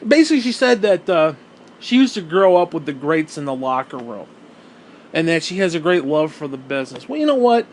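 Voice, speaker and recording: A man's voice: on the high side, very animated, brisk, a little hiss or hum. A man ranting as a wrestling fan, heated, sarcastic and full of swearing. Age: adult who watched wrestling since the 1980s. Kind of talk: profane rant.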